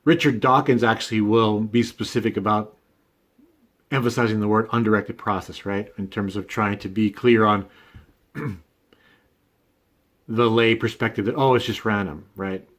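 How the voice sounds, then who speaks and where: A man's voice: on the low side, steady tone, moderate pace, pauses often, fairly bright tone. Conversational man musing aloud. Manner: conversational, many fillers and "right?" tags. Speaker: video essay host. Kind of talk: casual unscripted monologue.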